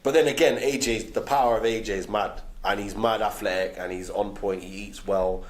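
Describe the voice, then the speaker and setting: Animated man, echoey room. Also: lowish voice, normal speed. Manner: animated storyteller, street slang. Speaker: guest. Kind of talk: casual chat.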